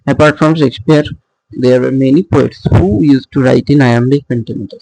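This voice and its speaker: A man teaching poetic meter in a recorded lecture, explaining slowly with pauses and fillers as he works through examples. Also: mid-range voice, steady tone, vocal fry, dark tone, poor audio. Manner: slow, halting explanation with frequent fillers and restarts. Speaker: literature teacher.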